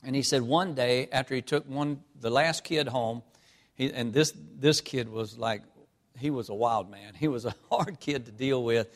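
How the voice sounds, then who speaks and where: A man from North Carolina preaching a storytelling sermon, his voice falling to a tearful hush and rising to loud, fervent emphasis. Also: medium pitch, normal speed. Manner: reads scripture in an old-fashioned cadence.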